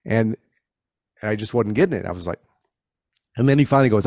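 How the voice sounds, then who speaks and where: A man's voice: fairly low pitch, lively intonation, quick pace, long pauses, a little mellow, no room sound, clean studio sound. A middle-aged man telling anecdotes in a casual interview as a guest, with frequent restarts and self-corrections, and he acts out the voices he quotes. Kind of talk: casual conversational storytelling.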